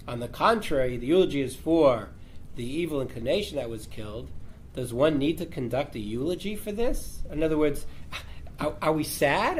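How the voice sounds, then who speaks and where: A rabbi with a fairly high-pitched voice teaches a class, reading a Talmud passage aloud and then explaining it to his students through rhetorical questions. There's a slight background noise.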